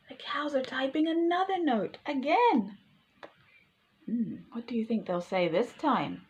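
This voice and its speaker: A woman reading a picture book aloud to children, pausing to ask the listener questions. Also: sits high, lo-fi sound. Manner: slow, animated, asks the listener questions. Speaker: storytime reader.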